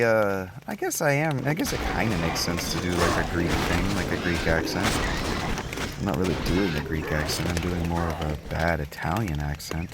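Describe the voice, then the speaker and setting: Low-voiced man rambling over gameplay. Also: normal speed. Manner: rambling, joking, many filler sounds. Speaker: gaming video host. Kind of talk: casual gameplay commentary. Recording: steady background noise.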